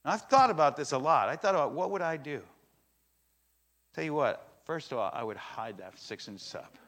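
Animated preacher, a man with raised pitch. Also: normal speed. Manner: animated storytelling, casual and conversational. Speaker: pastor. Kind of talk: sermon.

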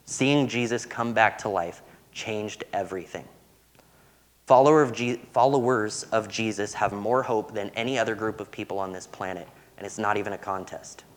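Earnest young male preacher, low voice. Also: moderate pace. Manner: earnest, storytelling with humor. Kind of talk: sermon.

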